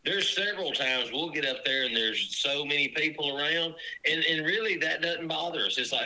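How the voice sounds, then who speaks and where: Guy guide on a podcast, really bright voice, acts out the stories. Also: fairly high pitch, brisk, few pauses, rough recording. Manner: animated storyteller, acts out lake encounters. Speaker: fishing guide. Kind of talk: casual podcast chat.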